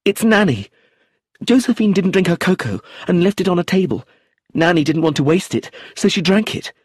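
Frightened young woman, voiced by a male narrator, high breathy pitch, dry close sound. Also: expressive, normal speed, dry recording. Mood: urgent.

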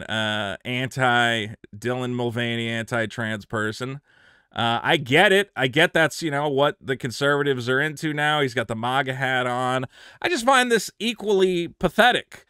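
Casting: a man as a sarcastic YouTube commentator, bright, crisp voice. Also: medium pitch, no echo, clean studio sound. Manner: sarcastic, emphatic, animated. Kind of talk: opinionated commentary.

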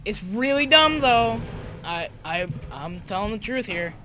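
An excitable young man talks through his gameplay at an unhurried pace, laughing and muttering to himself between sudden yelps. His pitch swings widely from low mumbles to high exclamations. A steady hiss of noise sits under the recording. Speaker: gamer. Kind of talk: casual let's-play commentary.

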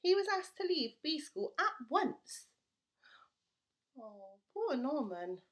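Woman reading a storybook aloud, very animated. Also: high-pitched, slow pace. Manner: expressive, playful storytelling. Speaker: teacher reading to her class.

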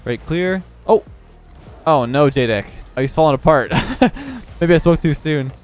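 A young man casually commentating his own match, relaxed and analytical, sleepy and yawning as he has just woken up. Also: fairly high pitch, normal speed, faint music behind.

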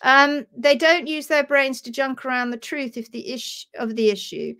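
A woman's voice: high voice, moderate pace, fairly bright tone, clean tone. An English woman hosting a live stream, talking in a passionate, emphatic way. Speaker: host.

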